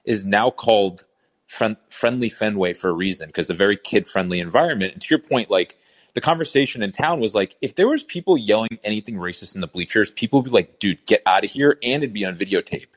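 Deep-voiced male caller from Boston. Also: lively intonation, fast, breathy edge. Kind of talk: call-in opinion.

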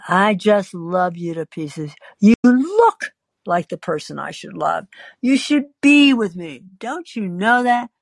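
A woman's voice: medium pitch, sing-song, takes it slowly, gravelly, dry recording, full character voice. A woman voicing a lovesick middle-aged man who pleads tenderly and earnestly.

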